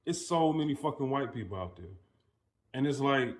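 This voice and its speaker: A man's voice: medium pitch, expressive, normal speed. A man hosting casual commentary and telling a story in a loose, profane way, with many restarts. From United States. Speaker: commentary host.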